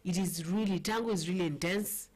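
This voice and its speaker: A woman's voice: fairly low pitch, a little fast, a little mellow, breathy edge. A woman with a Kenyan accent hosting a casual political chat show, chatty and playful, switching languages mid-sentence. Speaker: talk show host.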